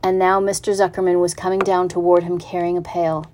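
A woman reading a children's storybook aloud in an even, unhurried narrating manner. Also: lowish voice, slight background noise.

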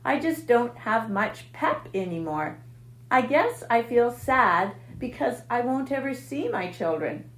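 A woman voicing a wise, weary female spider who speaks quietly and gently in a storybook reading. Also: on the high side, lively intonation, unhurried, echoey room, voice pushed up. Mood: sad. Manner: quiet and gentle, weak-voiced.

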